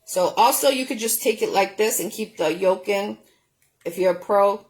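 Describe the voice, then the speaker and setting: A woman's voice: mid-range voice, moderate pace, a little mellow, poor audio. A woman hosting a home cooking show, chatting in a rambling way with lots of ums while she cooks. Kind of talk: casual chat while cooking. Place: home kitchen.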